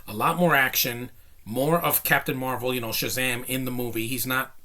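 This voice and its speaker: A man's voice: mid-range voice, steady tone, moderate pace, sharp tone. A young man giving a casual, rambling movie review, enthusiastic and a bit out of breath, with lots of fillers and restarts. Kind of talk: casual spoken film review.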